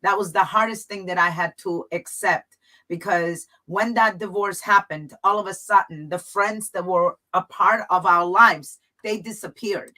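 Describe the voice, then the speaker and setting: In a low-quality recording, a woman hosting a talk show earnestly opens up to her guest about her own life as a personal testimony. Her voice sits on the low side, steady, bright and forceful, at a measured pace.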